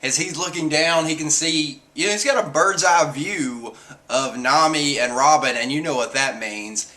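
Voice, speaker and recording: A man's voice: fairly high pitch, normal speed, pushed and bright. A man reviewing a comic chapter in a casual, chatty, amused retelling. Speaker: manga reviewer.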